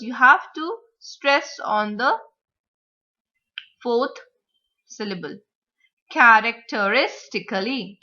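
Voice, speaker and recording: A woman teacher explaining vocabulary, word stress and grammar, repeating example words slowly to model the stress. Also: fairly high pitch, sharp tone. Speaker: English teacher. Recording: dull lo-fi recording.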